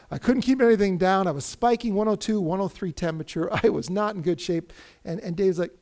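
A middle-aged man preaches as a pastor in a high voice that moves quickly. Animated in his storytelling, he dramatizes the voices of those he quotes.

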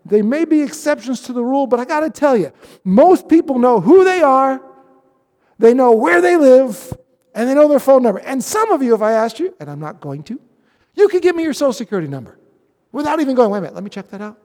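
A male pastor preaching a sermon, animated and full of questions, swinging between loud appeals and hushed asides. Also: extremely high pitch, fairly quick. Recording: long hall reverb.

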